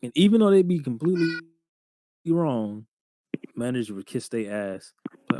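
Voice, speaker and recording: A young man in his twenties, co-hosting a podcast, telling job stories in a casual, profane, animated way full of slang. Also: mid-range voice, moderate pace, long pauses, no echo. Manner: slangy, profane, animated retelling with lots of "bro". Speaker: podcast co-host. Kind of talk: casual storytelling chat.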